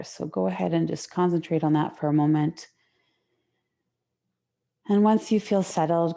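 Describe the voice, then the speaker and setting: A woman yoga instructor leading an online class from home, giving calm, slow, soothing cues. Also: low-pitched, vocal fry.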